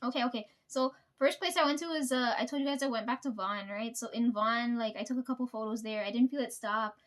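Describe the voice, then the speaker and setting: High-voiced woman telling stories. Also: fast. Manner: profane, rambling, laughs often. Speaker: vlogger. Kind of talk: casual storytelling.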